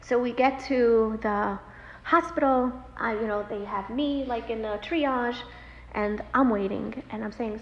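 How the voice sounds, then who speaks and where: A woman in her thirties telling a personal story, animated, with many fillers. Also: on the high side, unhurried. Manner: animated, many fillers, acts out quoted voices. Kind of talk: personal story told aloud. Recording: roomy hall with long reverb, dull lo-fi sound, faint noise.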